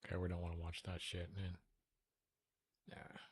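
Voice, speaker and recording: A male streamer with a lowish voice talks in a loose, profane, offhand way, often mumbling as he reacts to clips. The sound is close and dry, with no room around it. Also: monotone, normal speed, breathy edge, no room sound. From United States. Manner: profane, offhand, mutters while reacting to videos. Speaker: streamer host. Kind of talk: casual livestream chat.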